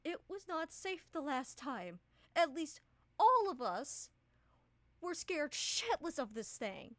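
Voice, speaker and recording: Scared pleading young man, played by a woman game master, high and dry. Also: very animated, moderate pace, no echo. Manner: panicky, pleading. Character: frightened anxious young man guide.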